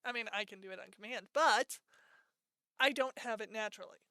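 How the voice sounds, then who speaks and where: A woman's voice: on the high side, brisk, pushed and bright, clear, resonant tone, dry recording. Laughing North Texas woman streamer. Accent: North Texas with Michigan traces. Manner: laughs often, chatty and playful. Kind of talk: casual chat on a live stream.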